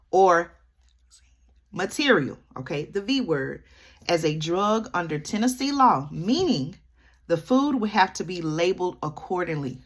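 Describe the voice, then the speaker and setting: Chatty woman with a low voice. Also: a bit bright. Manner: chatty, keeps addressing viewers with "y'all" and "okay?". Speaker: vlogger. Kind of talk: commentary to camera.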